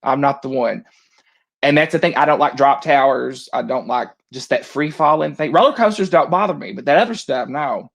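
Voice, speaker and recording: Storyteller man, gravelly and a bit high, animated, laughs a lot. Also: fairly quick, hardly any pauses. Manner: animated storyteller, laughs often, acts out voices. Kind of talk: casual storytelling chat.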